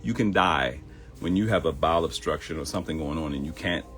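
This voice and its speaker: A man with a deep, low voice talks straight to his live audience, giving advice and cracking jokes. Faint music plays under him. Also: brisk, fairly bright tone. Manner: conversational, preachy, joking. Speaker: live show host. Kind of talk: casual livestream monologue.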